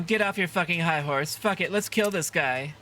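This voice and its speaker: A streamer voicing a rough young male street thug who sneers, swears and barks threats. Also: fairly high pitch, a little slow, pitched above the performer's own voice, close to an everyday voice. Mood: sneering. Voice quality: sneering, swearing tough-guy bark.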